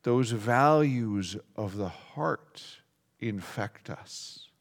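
A man preaching a sermon as a pastor, talking in a lively, conversational way and asking the congregation questions. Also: lowish voice, extremely slow. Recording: long reverb of a large hall.

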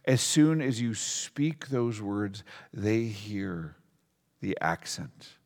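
Energetic preaching man in reverberant hall. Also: on the low side, drawn-out words. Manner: energetic, conversational preaching with rhetorical questions. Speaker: pastor. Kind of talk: sermon. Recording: long reverb of a large hall.

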